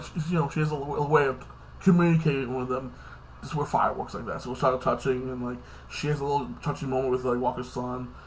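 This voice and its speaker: A man's voice: mid-range voice, a little hiss or hum. A man casually recapping a TV episode in a rambling way, tacking "like this" and "like that" onto his sentences and swearing now and then. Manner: rambling, fills with "like this" and "like that". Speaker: TV episode reviewer.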